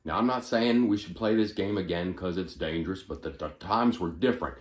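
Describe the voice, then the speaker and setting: A male comedian doing an impression of a rambling, forgetful elderly male politician, stumbling over repeated words with sudden loud bursts. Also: sits low, brisk, roomy sound, lightly acted. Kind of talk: stand-up impression monologue.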